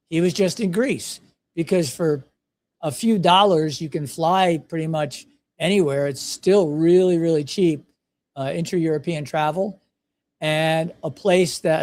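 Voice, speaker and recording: A man's voice: high voice, a little mellow. A man, hosting a podcast and telling casual, self-deprecating stories. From United States. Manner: chatty, self-deprecating, anecdotal. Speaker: podcast host. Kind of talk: casual storytelling.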